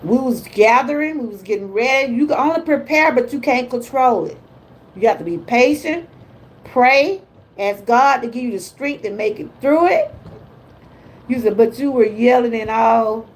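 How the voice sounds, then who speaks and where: An older woman, a lifestyle vlogger, hosts a casual motivational livestream, chatting in a folksy way and reading out viewers' comments as she talks to them. Her voice runs high and expressive at a moderate pace, and the audio is poor.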